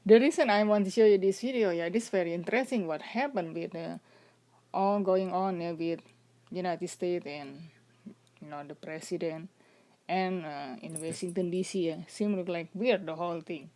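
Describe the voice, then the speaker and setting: Halting woman commenting on prophecy. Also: fairly low pitch, dark tone. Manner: halting, frequent "uh" and "okay?" check-ins. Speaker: vlogger commenting on prophecy videos. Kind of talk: casual religious commentary.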